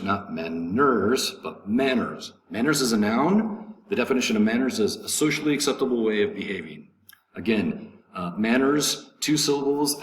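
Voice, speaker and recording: A man with a fairly low voice leads a vocabulary lesson. He says each word several times, names its stressed syllable and fills the gaps with "um" and "uh". The recording has a roomy echo and faint background noise. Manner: slow, repetitive pronunciation drilling with fillers. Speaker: English teacher.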